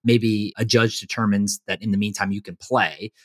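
A man hosting a podcast, asking quick questions and checking in with his guest. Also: lowish voice, fairly even intonation, a bit bright, no echo, studio quality. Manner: rapid, questioning, checks in with "right?". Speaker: podcast host. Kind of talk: casual interview questions.

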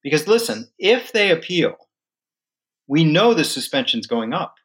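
A man guest with a legal background, giving an animated, emphatic explanation in a podcast interview. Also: on the high side, measured pace, breathy edge. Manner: animated, emphatic storytelling with occasional laughs. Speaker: guest legal and sports business analyst.

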